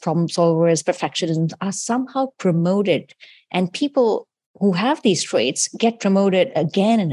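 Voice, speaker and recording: A woman's voice: on the low side, a little mellow. A woman hosting a podcast interview, reflective and enthusiastic, with frequent casual fillers. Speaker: podcast host.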